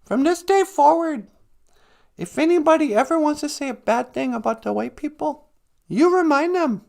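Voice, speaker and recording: A commanding old chief speaks solemnly with raised, gravelly force, as a man puts him on. The delivery is grave and deliberate, meant to be heard by all. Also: very high-pitched, animated, a little mellow, exaggerated voice. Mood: stern. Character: proud older male chief giving a stern speech.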